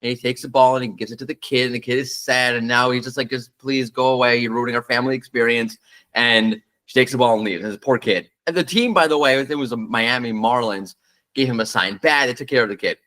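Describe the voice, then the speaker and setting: A man's voice: mid-range voice, fast, sharp tone. A man talking casually and bluntly, giving his opinions on brand ads as the host of a marketing show. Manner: blunt, opinionated, talks off the cuff with fillers. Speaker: marketing commentator. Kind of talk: casual solo commentary.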